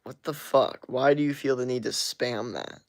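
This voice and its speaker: Male streamer, gravelly voice, dry close sound, blunt and profane, reads and answers chat. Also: mid-range voice, moderate pace, no echo. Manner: blunt and profane, laughs often. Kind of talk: casual livestream chat.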